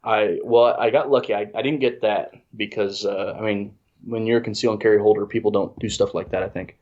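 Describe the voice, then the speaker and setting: A man's voice: lowish voice, fairly even intonation, brisk, darkish tone. A congested man telling a rambling, self-deprecating story in casual chat, full of restarts. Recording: dull lo-fi audio.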